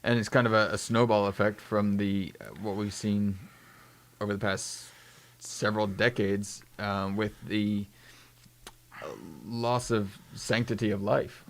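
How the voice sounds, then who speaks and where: A man's voice: fairly low pitch, level tone, unhurried. A man co-hosting a casual panel talk, often agreeing and adding points. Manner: agreeable, adds brief backchannels. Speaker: co-host.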